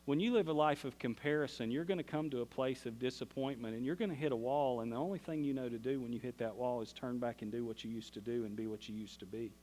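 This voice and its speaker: Southern male pastor, folksy sermon storyteller, average pitch, recorded with long church-hall reverb. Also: fast, hardly any pauses, darkish tone. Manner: folksy storytelling, acts out quoted voices.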